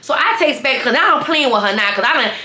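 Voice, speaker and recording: A woman, telling a story in a sassy, animated way and talking straight to viewers. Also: high voice, fast, echoey room. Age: 20s. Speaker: storytime vlogger. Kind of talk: casual storytime.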